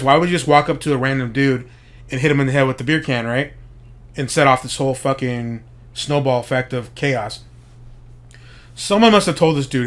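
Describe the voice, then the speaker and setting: A man giving a casual, profane commentary monologue as a show host, speculating and explaining wrestling slang. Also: mid-range voice. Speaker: podcast host.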